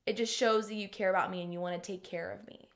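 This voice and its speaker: A woman's voice: medium pitch, steady tone, quick pace, gravelly. Chatty young woman podcast co-host. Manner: chatty, emotional storytelling full of "like". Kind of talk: casual chat.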